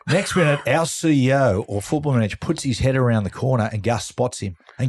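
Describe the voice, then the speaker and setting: A man's voice: medium pitch, a little fast, hardly any pauses, husky. A middle-aged Australian man telling a story casually as a podcast guest, acting out what other people said. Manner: animated yarn-spinner who acts out other people's lines. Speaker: guest, former rugby league player.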